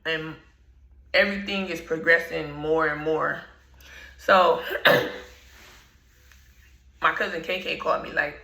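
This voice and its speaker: Slow, gravelly woman telling a story. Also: low-pitched, steady tone, pushed and bright, reverberant, rough recording. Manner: slangy, laid-back storytelling; keeps clearing her throat. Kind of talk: casual storytime.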